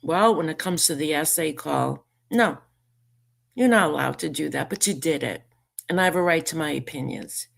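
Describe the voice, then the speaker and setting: A woman's voice: sits low, moderate pace, gravelly. A woman vlogging casual commentary, indignant and sarcastic as she reads out messages and mocks them. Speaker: YouTuber responding to a message.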